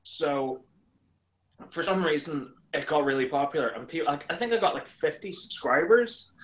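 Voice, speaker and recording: A man chatting casually as a guest, an animated storyteller who acts out quoted lines in a higher voice. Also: normal speed, low-quality recording. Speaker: YouTuber guest. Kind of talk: casual chat.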